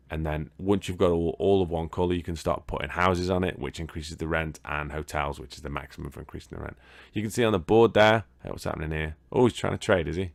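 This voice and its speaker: A man's voice: low-pitched, creaky, dry recording. A British man casually commentating as he plays a board game video game, rambling and swearing now and then. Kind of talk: casual let's-play commentary.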